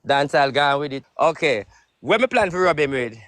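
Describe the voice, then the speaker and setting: A man's voice: fairly high pitch, lively intonation, normal speed, a bit bright, no echo. A man with a Jamaican accent in a profane, heated live video rant in heavy patois. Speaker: social media personality.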